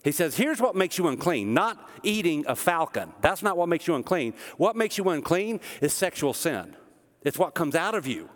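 Southern guy preaching, kinda high voice, jokes around, big echoey church hall. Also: big pitch swings, moderate pace. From American South, Tennessee. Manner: conversational, joking asides. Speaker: pastor. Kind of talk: sermon. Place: church auditorium.

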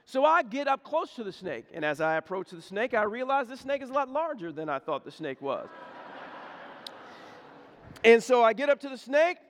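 Male pastor, high voice, folksy storyteller, church hall echo. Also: normal speed. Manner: folksy, animated storytelling, repeats words. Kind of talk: sermon with storytelling. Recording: echoey hall.

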